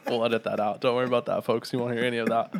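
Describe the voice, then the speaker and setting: This podcast co-host is a young man with a medium-pitched voice, heard over some background noise. He keeps the casual chat loose, rambling and full of slang.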